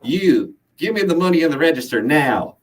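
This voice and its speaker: A man voicing a gruff, menacing Southern robber with a put-on Southern accent and a loud, threatening bark. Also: medium pitch, expressive, normal speed, far from the mic, pitched above the performer's own voice, close to an everyday voice, low-quality recording.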